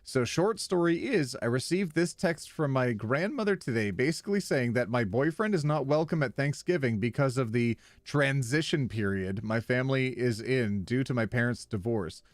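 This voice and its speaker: A man's voice: medium pitch, animated, normal speed, few pauses, no echo. Playful man reading posts on stream. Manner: playful, laughs easily, wry asides. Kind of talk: casual reading of online posts with commentary.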